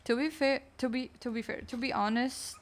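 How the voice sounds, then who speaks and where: A woman's voice: fairly high pitch, steady tone, fairly quick. A woman streamer chatting casually while gaming, answering chat in a chatty, distracted way.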